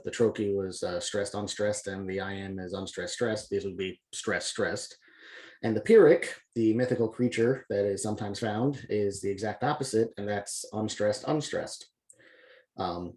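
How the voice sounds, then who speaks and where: Laid-back man giving a poetry lesson. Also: on the low side. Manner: relaxed, many filler words, loose and unscripted. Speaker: poetry press publisher teaching poetic meter. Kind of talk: casual explanatory video lesson.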